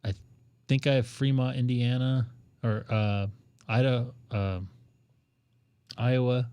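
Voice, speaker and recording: A man's voice: medium pitch, flat delivery, takes it slowly, mellow, clear, resonant tone, no echo. A man hosting a ham radio live stream, chatting casually and joking while he thinks aloud.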